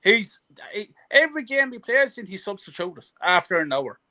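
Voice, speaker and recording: High, lively, furious sweary fan. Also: male voice, normal speed. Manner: furious, sweary and emphatic, repeating words. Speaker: guest fan. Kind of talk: heated football rant.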